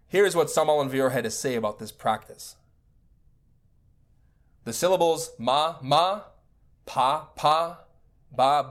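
A man giving a recorded spiritual lecture as a teacher, speaking in a measured, deliberate way. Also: medium pitch.

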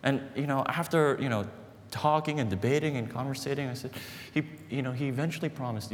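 A man's voice: medium pitch, brisk. A man preaching as a pastor, telling a story in an earnest, conversational way and building to emphatic points. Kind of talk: sermon storytelling. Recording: long hall reverb, faint background noise.

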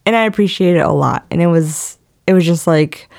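A woman's voice: lowish voice, fairly quick, vocal fry, darkish tone. A woman co-hosting a podcast in casual chat, laughing often and trailing off as she gushes. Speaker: podcast co-host.

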